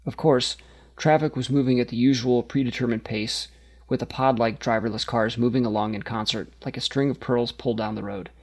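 A man's voice: mid-range voice, steady tone, fairly quick. A man reading a satirical story aloud, narrating steadily and lifting his voice for the characters' dialogue.

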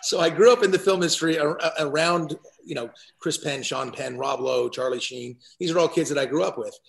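Gravelly-voiced man telling stories. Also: fairly high pitch, a little fast, reverberant. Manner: chatty, animated storyteller with frequent restarts. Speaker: podcast guest, actor. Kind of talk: casual chat, storytelling.

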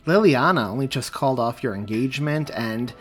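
A man's voice: medium pitch, animated, a little fast, faint music behind, lightly acted. A man as a hopeful awkward young man. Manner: hesitant, hopeful.

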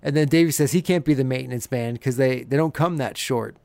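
A man's voice: mid-range voice, brisk, gravelly, darkish tone, no room sound. Man, podcast host, casual recap, laughs a lot, dry sound. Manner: chatty, laughs often, retells scenes.

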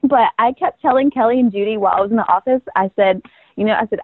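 A young woman from North Carolina chats as an interview guest, telling her story with lots of animation and acting out the voices of the people in it. Her voice sits a little high. The sound is dry and thin, like a phone line. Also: fast talker, dry recording. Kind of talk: casual interview conversation.

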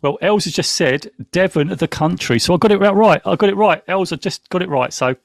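A man's voice: high voice, lively intonation, brisk, vocal fry, no echo, clean studio sound. A man hosting a casual live podcast, giddy and rambling, talking over his co-hosts after some wine. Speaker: podcast host.

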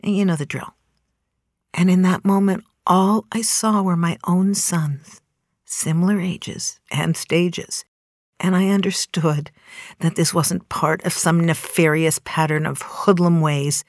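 A middle-aged woman tells a personal story with a measured, deliberate delivery. Her voice sits on the low side, at times sinking to a hushed near-whisper. The recording is dry and close, with no room sound. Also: fairly even intonation, no room sound.

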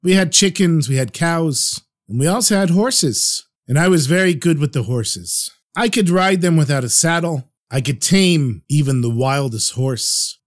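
A man voicing a humble, dying old water carrier who speaks apologetically and cries. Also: fairly high pitch. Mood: reminiscing. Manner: apologetic, weepy.

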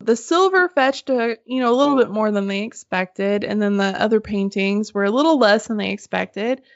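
A woman casually telling a story on a podcast, animated and swearing freely, laughing as she goes. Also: medium pitch, moderate pace, vocal fry, no room sound. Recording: slightly muffled dry podcast audio.

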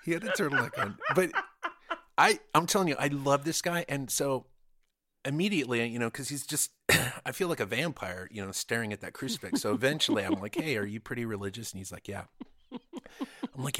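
A man's voice: medium pitch, moderate pace, no echo, studio quality. A man telling stories in casual chat, swearing a lot and acting out what people said to him. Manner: animated, acts out quotes, swears, says dude. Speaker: podcast guest.

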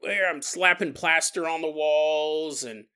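A man's voice: fairly high pitch, unhurried, bright, forceful tone, clean tone. A man voicing a delighted 1940s construction worker who gushes over his work. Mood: gushing. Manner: gushing, dreamy enthusiasm.

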